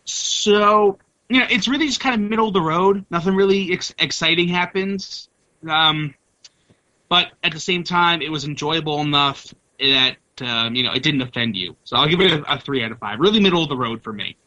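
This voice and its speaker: A man's voice: on the high side, moderate pace, bright, forceful tone, no echo, highs cut off. A man co-hosting a casual comic book podcast, talking in a loose, profane way with some hesitation. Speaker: podcast co-host.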